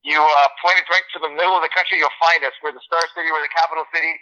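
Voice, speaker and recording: A man from Nebraska, a comedy promoter calling in by phone and making an upbeat pitch. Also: steady tone, racing, sharp tone. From Nebraska, USA. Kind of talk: casual phone chat. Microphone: phone line. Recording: muffled phone line.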